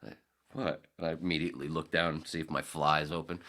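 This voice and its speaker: A man's voice: a bass voice, flat delivery, racing, sharp tone. A middle-aged man hosting a podcast, telling a rambling anecdote in casual storytelling style, correcting himself as he goes. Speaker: podcast host.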